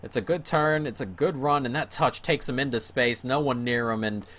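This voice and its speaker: A man's voice: mid-range voice, normal speed. A man giving casual let's-play commentary on a football video game, chatting to viewers and calling the action play by play. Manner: chatty play-by-play, bursts of excitement at goals. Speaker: gaming video creator.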